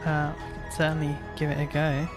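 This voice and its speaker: A man voicing a mild, agreeable male circus performer who speaks softly, with clear music behind. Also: a little high, completely flat delivery, brisk, natural voice. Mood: meek.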